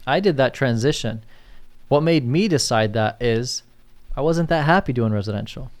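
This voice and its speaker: Guy co-hosting a podcast, mid-pitch, chatty and loose, reads listener questions. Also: animated, normal speed. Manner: conversational, reads listener questions, often asks "you get what I'm saying?". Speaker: podcast co-host, commercial real estate agent. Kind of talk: casual podcast chat.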